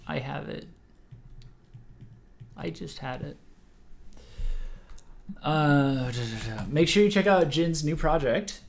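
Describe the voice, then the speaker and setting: Slow-talking tired man hosting a stream. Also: a little high, creaky. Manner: halting, full of fillers and restarts. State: tired, sleep-deprived. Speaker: livestream host. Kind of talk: casual livestream chat.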